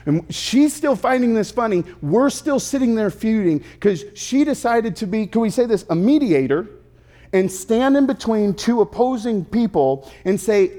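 A pastor in his thirties preaching a sermon, telling stories playfully and slipping into quick put-on voices. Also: high voice, animated, warm tone.

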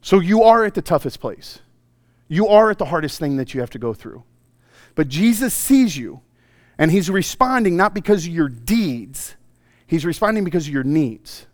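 A male pastor preaching a sermon, telling stories with animated swings from loud bursts to hushed, intimate passages. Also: fairly high pitch, moderate pace, no room sound, studio quality.

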